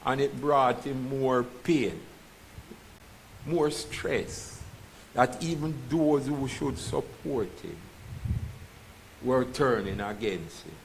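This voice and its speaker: A man's voice: mid-range voice, slow pace, creaky, long pauses, a little hiss or hum, low-quality recording. A man with a Jamaican accent preaching a sermon and reading scripture aloud, slipping into patois and asking his listeners if they understand. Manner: slips into patois, asks the congregation "you understand?". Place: church.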